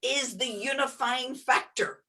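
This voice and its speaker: Earnest, halting middle-aged woman. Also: high voice, bright, forceful tone. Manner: expansive, earnest, halting with many restarts. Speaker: guest, entrepreneur and geologist. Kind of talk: conversational interview answers.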